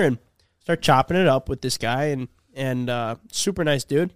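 A man's voice: mid-range voice, normal speed, clear, resonant tone, no echo, studio quality. A young man hosting a casual podcast, telling a story and acting out both sides of the conversation. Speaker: podcast host.

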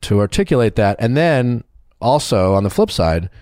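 A man hosting a podcast who talks in a reflective, halting way with restarts and fillers. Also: mid-range voice, very animated, a little mellow, no echo, studio quality. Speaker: podcast host. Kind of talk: podcast conversation.

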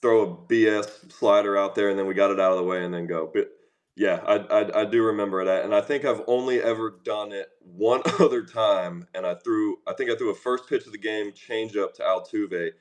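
A man's voice: fairly low pitch, fairly quick. A man guesting on a podcast, telling easygoing anecdotes and laughing as he goes. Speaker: guest, pro pitcher. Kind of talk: interview chat.

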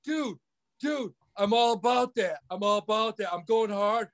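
Hyped, very high-voiced podcast guy. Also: normal speed. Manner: hyped, loud, profane. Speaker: podcast co-host. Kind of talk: casual comedic banter.

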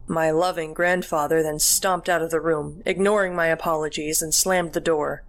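A woman narrates a chilling first-person horror tale, reading in a measured, deliberate way. Her voice sits a little low for a woman. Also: steady tone. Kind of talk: scripted horror story narration.

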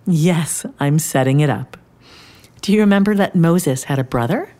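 A woman playing a gentle grandmother who tells a bedtime-style story to a child in an audio drama. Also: deep voice, lively intonation, moderate pace. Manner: gentle, warm-toned storytelling.

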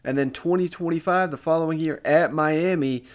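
A man hosting a casual sports podcast, upbeat and quick to laugh. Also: a little high. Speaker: podcast host.

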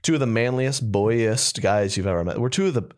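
A man's voice: fairly low pitch, brisk. A young man co-hosting a comedy podcast, chatting casually in a rambling, joking way full of fillers. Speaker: podcast co-host.

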